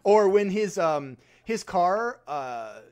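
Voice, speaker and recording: A young man co-hosts a podcast, chatting casually about a movie in a casual review, laughing often and acting out lines in silly voices. His voice is high, very animated and darkish in tone, with a slow pace.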